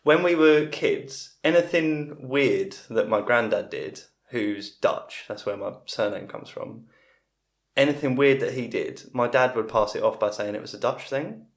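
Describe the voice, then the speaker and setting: A man's voice: medium pitch, expressive, measured pace. A man, a comedian guest, telling long rambling stories in casual chat. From England. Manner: rambling storyteller with frequent restarts. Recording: roomy echo.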